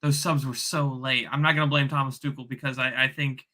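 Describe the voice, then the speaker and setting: A man speaking as a guest on a casual football fan podcast, in a measured way that repeats and restates his points. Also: mid-range voice, level tone, pushed and bright.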